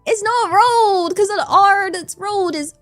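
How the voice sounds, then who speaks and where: A woman's voice: very high-pitched, moderate pace, dry recording, soft background music. A playful, giggly woman with a West Country English accent, chatting casually with her live-stream audience. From England. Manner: playful, giggly, thanks chat in Japanese.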